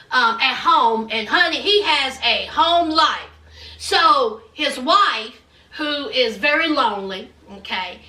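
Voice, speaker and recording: Sassy high-voiced woman in an echoey room. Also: pushed and bright. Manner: chatty, sassy, calls viewers honey and child. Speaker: show recap vlogger. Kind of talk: casual gossipy recap. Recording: roomy echo, mic at a distance.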